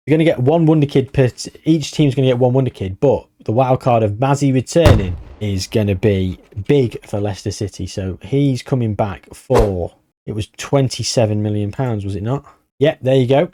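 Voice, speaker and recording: Wry, chatty man, mellow voice. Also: mid-range voice, no room sound, clean studio sound. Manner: chatty, wry and sarcastic, thinking aloud. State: tired. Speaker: gaming YouTuber. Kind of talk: casual game commentary.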